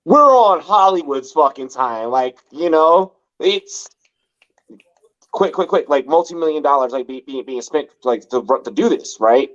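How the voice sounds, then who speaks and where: A man's voice: on the high side, a little slow. Rambling, profane man from LA, lo-fi. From Los Angeles. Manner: rambling and profane, heavy use of "like". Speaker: podcast host. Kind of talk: casual storytelling chat.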